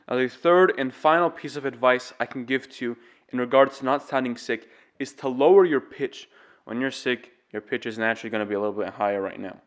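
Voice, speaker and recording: Man, singing teacher, casual tutorial, earnest, demonstrative. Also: medium pitch. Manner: earnest, demonstrative, explains step by step.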